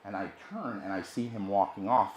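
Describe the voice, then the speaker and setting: A man, a sales trainer, telling a brash, profane story at a seminar, swinging from hushed asides to loud bursts. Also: on the low side, normal speed, echoey room.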